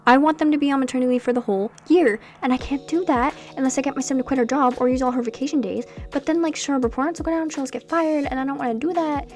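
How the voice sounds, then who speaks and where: A young woman chatting casually over her gameplay, rambling from one thought to the next with animated asides. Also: high-pitched, very fast, hardly any pauses. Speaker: Sims gameplay creator.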